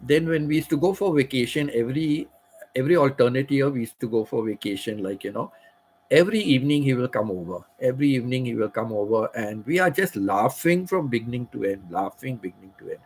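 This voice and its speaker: A middle-aged man tells a personal story in a loose, rambling way, repeating his phrases as he goes. His voice is husky and slightly breathy, sitting at an average pitch for a man. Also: expressive, quick pace, darkish tone, poor audio. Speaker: channel host.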